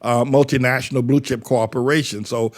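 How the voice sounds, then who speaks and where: A man's voice: medium pitch, fairly even intonation, a little fast. An older man, a pastor, delivering a blunt, rambling commentary monologue and often repeating words as he searches for the next thought.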